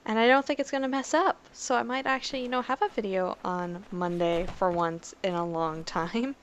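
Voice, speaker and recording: A woman's voice: mid-range voice, fairly even intonation, moderate pace, a little hiss or hum. A woman doing casual let's play commentary, reading game entries aloud in a chatty, self-correcting way with giggly asides.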